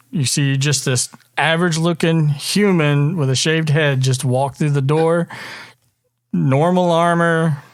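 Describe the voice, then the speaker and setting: A man narrating a tabletop game as dungeon master, relaxed, with fillers. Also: on the high side, clean tone, dry recording, studio quality.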